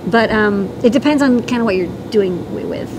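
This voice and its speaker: A woman's voice: fairly high pitch, moderate pace, background noise. Bubbly, playful woman co-hosting a stream. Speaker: co-host. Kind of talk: casual live-stream chat.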